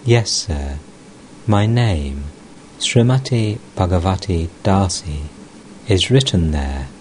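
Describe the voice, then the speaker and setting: A shy old temple maidservant, read by a man in an audiobook, modest and hesitant. The voice stays low and the pace is slow. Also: expressive, a little mellow, slight background noise, low-quality recording.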